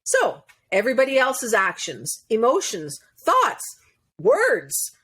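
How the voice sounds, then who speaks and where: A woman's voice: on the high side, wildly swooping pitch, slow pace, fairly bright tone, husky. A woman coach, a podcast guest, talking in casual interview chat, earnest and explanatory, laughing now and then.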